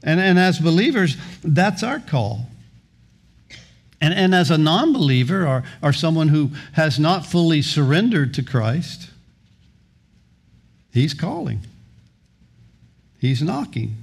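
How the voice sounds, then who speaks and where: Gravelly-voiced pastor preaching. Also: male voice, a little high, very animated, takes it slowly, long pauses. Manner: storytelling, acts out voices in anecdotes; repeats words when starting sentences. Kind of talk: sermon.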